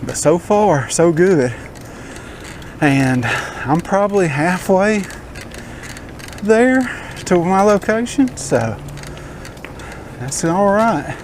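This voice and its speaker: A man's voice: high voice, lively intonation, extremely slow, pauses often. A man with a Southern US accent, out of breath as he talks to viewers while riding a bicycle outdoors. He has a folksy, self-deprecating manner and calls his viewers y'all. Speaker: vlogger. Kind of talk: casual vlog narration while cycling. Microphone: action camera. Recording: loud road and traffic noise.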